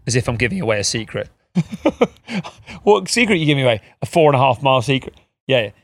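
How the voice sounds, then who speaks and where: A man co-hosting a podcast in casual chat, talking in an animated, rambling way and swearing now and then. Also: lowish voice, no room sound. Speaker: podcast co-host.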